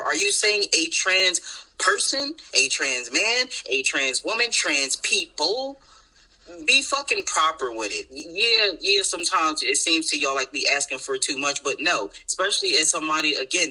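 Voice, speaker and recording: A man's voice: a little high, bright, forceful tone, low-quality recording. A man co-hosting a podcast in casual chat, ranting emphatically with lots of profanity and bursts of laughter. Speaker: podcast co-host.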